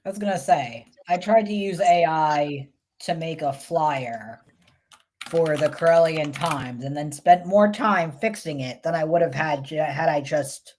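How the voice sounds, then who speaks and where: New York woman, show host, rambling and dry, lower register. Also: measured pace, darkish tone, a little hiss or hum. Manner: chatty, wry, rambling asides. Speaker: host tarot reader. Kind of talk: casual chat.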